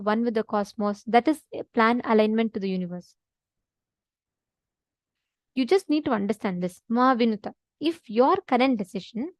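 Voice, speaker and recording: A woman's voice: a little high, a little mellow, no room sound. A woman giving a spiritual discourse, telling stories earnestly and putting questions to her listeners. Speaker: spiritual teacher.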